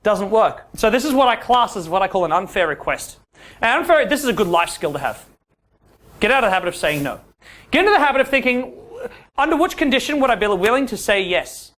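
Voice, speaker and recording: A man's voice: high voice, a little fast. A man, a dating coach giving a seminar talk to a class of men, who keeps checking in with his listeners. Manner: animated, acts out quoted dialogue, keeps checking in with "yeah?".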